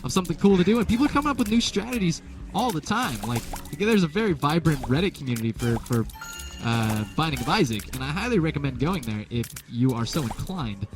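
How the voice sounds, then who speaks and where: A man's voice: on the high side, sing-song, fast talker. A young man giving casual, rambling gameplay commentary with jokes at his own expense. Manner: rambling, jokey, self-deprecating. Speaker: let's play commentator. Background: game music.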